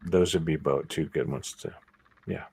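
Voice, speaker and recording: A man co-hosting a podcast who mostly chimes in with short agreements and the odd question, speaking in a relaxed way. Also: a bass voice, creaky, husky. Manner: drawn-out backchannel agreement, relaxed. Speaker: podcast co-host. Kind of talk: casual podcast chat.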